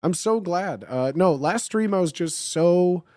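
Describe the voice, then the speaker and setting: Young guy streamer, voice all hoarse and gravelly, kinda high, slow and dry sounding. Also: lively intonation, darkish tone, no echo. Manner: playful, greets chat over and over, rambling. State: hoarse, voice blown out from talking. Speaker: live streamer. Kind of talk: casual live-stream chat, reading chat aloud.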